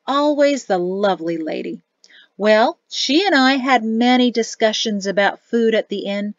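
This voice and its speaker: A woman's voice: a little high, no echo, lo-fi sound. A woman voicing a jovial, chatty male innkeeper and cook in an audiobook. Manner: cheery, chatty, boastful.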